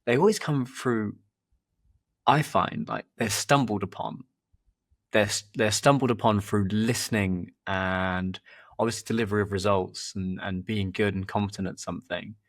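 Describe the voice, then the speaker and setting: An English podcast host and performance coach tells stories casually in a fairly low voice at a normal speed. He rambles and repeats words, but gets lively when he's sharing anecdotes.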